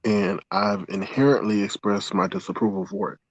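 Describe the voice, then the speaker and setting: A man joining a casual live-stream chat as a guest, answering in a measured way and laying out his points one by one. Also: on the low side, fairly even intonation, no echo. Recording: dull, dry lo-fi audio.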